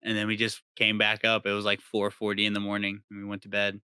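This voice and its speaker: A man's voice: lowish voice, monotone, quick pace, bright, forceful tone, clean tone, no echo. A young man co-hosting a podcast, telling stories in casual, profane, exasperated chat. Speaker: podcast co-host.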